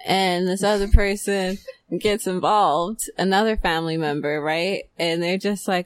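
A woman's voice: on the low side, fairly even intonation, normal speed, no echo. A woman hosting a casual podcast chat, playful and often laughing as she steers the talk. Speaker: podcast host.

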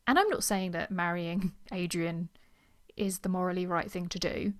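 A woman's voice: fairly low pitch, fairly even intonation, moderate pace, no room sound, studio quality. A woman co-hosting a podcast, talking about a novel in a wry, teasing way. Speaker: book podcast co-host. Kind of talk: casual book discussion.

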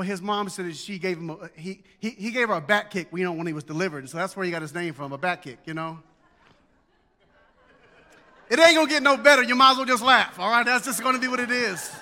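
High, bright-voiced preacher in his forties. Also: big-room sound. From Southern United States. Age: 40s. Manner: folksy storytelling with jokes, rising to emphatic preaching. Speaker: pastor. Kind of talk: sermon.

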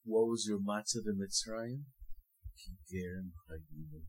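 An older man, a rabbi, giving an animated sermon full of jokes and acted-out little scenes. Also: fairly low pitch, takes it slowly, slightly rough, poor audio.

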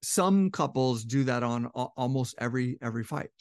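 A man's voice: mid-range voice, animated, moderate pace, no echo, clean studio sound. A man talking casually about relationships, often acting out quoted partners, his voice a little strained. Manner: conversational, acts out quoted couples with shifting voice. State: slightly strained voice. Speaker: relationship educator. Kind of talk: casual explanatory talk.

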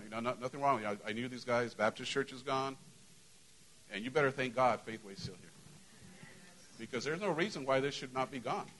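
Chatty middle-aged pastor. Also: male voice, mid-range voice, a bit bright, low-quality recording. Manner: conversational, full of "you know" fillers. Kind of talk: church announcements and sermon opening. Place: church sanctuary.

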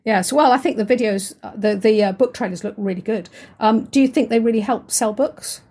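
Soft-voiced southern English woman. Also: fairly high pitch, fairly quick, breathy edge. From southern England. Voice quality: soft, quiet voice. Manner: chatty, frequent agreeing fillers and restarts. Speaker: podcast host. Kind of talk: casual interview chat.

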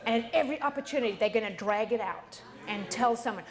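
A woman's voice: fairly high pitch, quick pace, hardly any pauses. Chatty woman preaching with laughs. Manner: chatty, laughs often, repeats words. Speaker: pastor. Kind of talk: sermon teaching.

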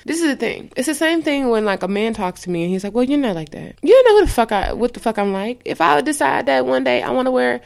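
A woman's voice: high-pitched, big pitch swings, fast, gravelly, hardly any pauses. A woman co-hosting a podcast, ranting in a heated, profane and emphatic way. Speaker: podcast co-host. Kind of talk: ranting casual podcast talk.

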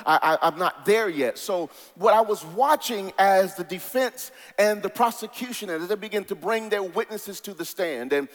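A male preacher with a strikingly high voice delivers a sermon in a rhythmic, sing-song cadence. He drops to a near hush, then rises to a shout, and draws out key words with long pauses. His voice rings with a long hall reverb.

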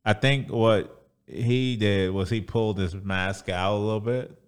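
A man's voice: fairly low pitch, fairly even intonation, a little slow, clear, resonant tone. A man co-hosting a podcast in casual chat, joking and teasing. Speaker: podcast co-host.

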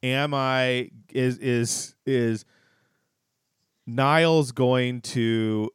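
A podcast co-host speaks extremely slowly in a medium-pitched, steady, smooth voice, recapping a sitcom episode in casual chat. His talk rambles with restarts and laughing asides, on a dry, studio-quality recording.

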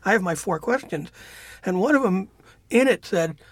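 A man's voice: sits high, expressive, normal speed, dry recording. A man hosting a casual interview, chatting loosely and circling back on his own thoughts. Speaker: podcast host.

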